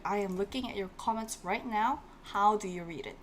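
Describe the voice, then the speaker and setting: A woman's voice: mid-range voice, moderate pace, few pauses, a little hiss or hum. A woman teaching a Korean class on a live stream, encouraging her students and repeating key words so they sink in. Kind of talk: live-streamed online lesson.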